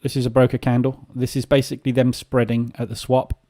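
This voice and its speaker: A man's voice: medium pitch, flat delivery, a little fast, dark tone. Man, host of a live trading room; loose, rambling commentary with plenty of ums, mid-range voice. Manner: casual, rambling, many filler ums.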